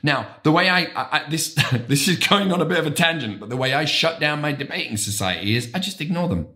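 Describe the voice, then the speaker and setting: Lively, bright-voiced motivational man. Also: on the high side, fairly quick. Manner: emphatic, animated storyteller. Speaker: real estate broker. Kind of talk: motivational talk.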